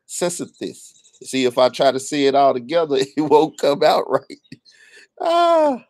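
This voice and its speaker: A man's voice: medium pitch, moderate pace, a little mellow. A man, talking bluntly and profanely in a casual monologue, often stumbling over his words. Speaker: online commentator.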